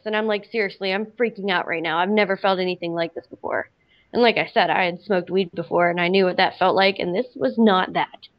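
A woman casually telling a personal story, rambling with many "like" fillers. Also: medium pitch. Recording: slightly dull lo-fi audio.

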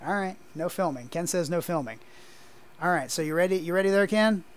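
A male podcast co-host talks into a headset in a small home studio. His voice sits a little high for a man. He rambles and hesitates, filling gaps with ums and uhs. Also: brisk. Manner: rambling, hesitant with many fillers. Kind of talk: casual podcast chat.

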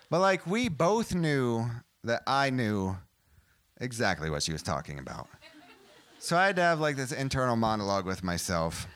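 A man doing a stand-up comedy set, animated and profane, with punchlines that rise to shouts. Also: medium pitch, moderate pace, clean tone. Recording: noisy live club recording.

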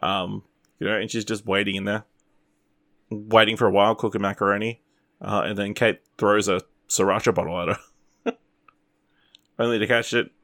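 A man with a fairly low voice talks casually as a podcast co-host, rambling along with plenty of fillers. The sound is dry and close. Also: moderate pace, pauses often, no echo. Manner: relaxed, rambling with fillers and laughs. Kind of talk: casual chat.

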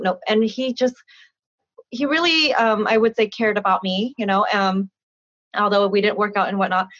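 A woman's voice: fairly high pitch, a bit bright, husky, dry recording. A woman in her thirties, a guest, telling her own story candidly and animatedly, often laughing and acting out conversations. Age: 30s. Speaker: interview guest. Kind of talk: personal storytelling in an interview. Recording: dull dry lo-fi sound.

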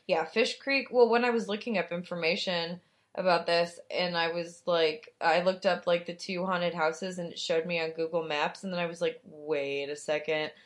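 A woman's voice: on the low side, steady tone, normal speed. A young woman co-hosting a podcast, talking casually with lots of swearing, fillers and laughter. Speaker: podcast co-host. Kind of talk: casual chat.

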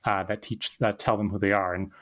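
A man's voice: fairly low pitch, flat delivery, fairly quick, a bit bright. A man co-hosting a podcast, explaining things in a loose, chatty way with lots of "like" fillers. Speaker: podcast co-host. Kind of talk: casual recap chat.

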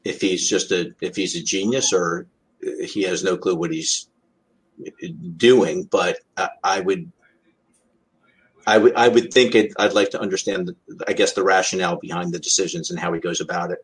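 Deep, husky-voiced male guest. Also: fairly even intonation, normal speed, poor audio. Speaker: podcast guest. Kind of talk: casual chat.

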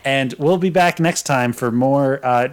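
A man's voice: mid-range voice, measured pace, smooth. A man co-hosting a podcast in casual chat, jokey and laughing often. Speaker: podcast co-host.

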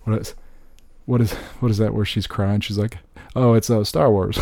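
Gravelly, joking man on a podcast. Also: lowish voice, slow, long pauses, no echo, studio quality. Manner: animated, joking, laughs often. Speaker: podcast co-host. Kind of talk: casual chat.

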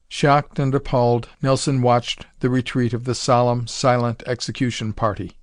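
A man narrating a pulp adventure story in a measured, dramatic reading. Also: medium pitch, level tone, no echo, clean studio sound. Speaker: audiobook narrator.

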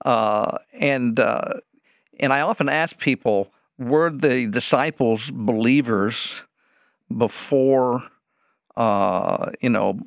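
A man's voice: mid-range voice, slow pace, dry recording, clean studio sound. A man, a Bible teacher, explaining scripture in an interview, posing rhetorical questions and answering them.

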